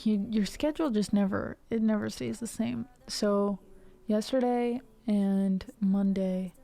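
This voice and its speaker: Hosting a music livestream, a woman from the Ohio River Valley chats casually with viewers, rambling with restarts and fillers. Her voice is mellow and medium-pitched.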